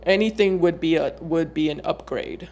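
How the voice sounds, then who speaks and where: A woman with a low-sitting, somewhat mellow voice gives her viewers a casual tarot reading. She talks in a loose, searching way, often pausing and repeating words before moving on.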